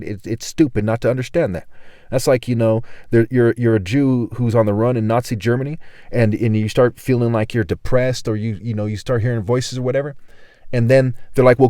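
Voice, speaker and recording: A man's voice: mid-range voice, mellow, no echo, clean studio sound. A man reading scripture aloud and rambling through his own commentary, often tagging his sentences with "right?" and repeating words. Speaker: self-styled religious teacher.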